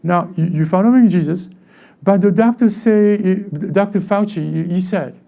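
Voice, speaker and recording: Gravelly high-voiced male pastor preaching. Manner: halting, repeats words, swings from quiet to loud. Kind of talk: sermon.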